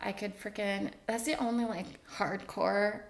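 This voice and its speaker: A young woman co-hosting a podcast, excitable and quick to laugh, gushing as she tells stories. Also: medium pitch, vocal fry, a little hiss or hum. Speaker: podcast co-host. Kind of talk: casual chat.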